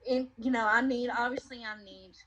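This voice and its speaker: A woman sharing her personal testimony in an interview, telling her story earnestly and reflectively, with many pauses and fillers. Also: fairly high pitch, a crowd in the background, low-quality recording.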